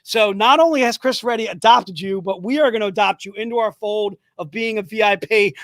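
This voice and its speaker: Hyped, high-voiced male live-stream host. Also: a bit bright, no echo. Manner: joking, hyped, rapid-fire salesman banter. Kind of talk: casual live-stream selling.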